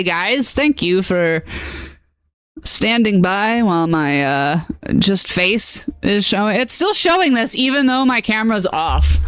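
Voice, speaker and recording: A woman's voice: medium pitch, fairly bright tone, clean tone, no room sound. A nasal-voiced woman casually chatting with her viewers while she streams a game, self-deprecating and exasperated by technical trouble. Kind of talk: casual live-stream chat while gaming.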